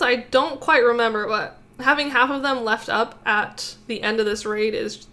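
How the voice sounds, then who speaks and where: A woman's voice: a little high, steady tone, normal speed, few pauses, pushed and bright. A young woman hosting a gaming video, giving a casual, upbeat commentary recap of a strategy game attack. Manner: upbeat, chatty recap with fillers.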